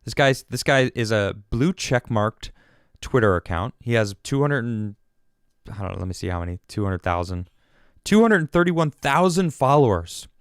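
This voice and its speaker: A man in the middle of a fed-up rant on his own podcast, often stumbling and restarting. His pitch leaps up and drops away. The sound is dry and close, with no room around it. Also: moderate pace, clear, resonant tone, no echo. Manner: animated, exasperated, restarts often. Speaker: podcast host. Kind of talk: ranting political commentary.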